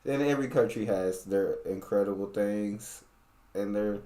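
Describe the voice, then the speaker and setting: A man's voice: fairly low pitch, normal speed, dark tone. An American man hosting a reaction video, talking in a casual, agreeable way and laughing often. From United States. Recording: echoey room.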